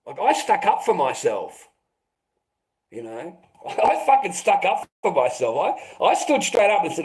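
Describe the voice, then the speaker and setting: A man's voice: high-pitched, wildly swooping pitch, measured pace, darkish tone, poor audio. A middle-aged man ranting on a casual livestream, swearing a lot, his voice climbing when he gets worked up. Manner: agitated, swearing, voice rising when upset.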